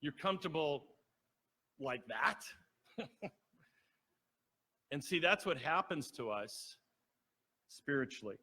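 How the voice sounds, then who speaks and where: Bright, high-voiced man preaching conversationally. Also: animated, slow, pauses often. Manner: storytelling, acts out quoted voices, asks the congregation. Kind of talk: conversational sermon. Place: church sanctuary.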